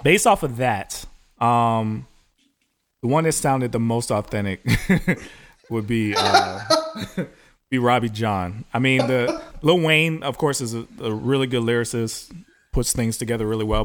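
A man co-hosting a casual music chat, thoughtful and hesitant, with ums and quick laughs. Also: medium pitch, smooth. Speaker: co-host.

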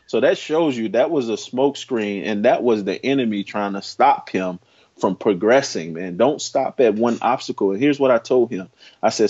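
Guy in his 40s, super low voice, telling a story all fired up, muffled lo-fi audio. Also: normal speed, husky. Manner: emphatic, animated storyteller. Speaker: interview guest. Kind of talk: casual storytelling. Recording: dull lo-fi sound.

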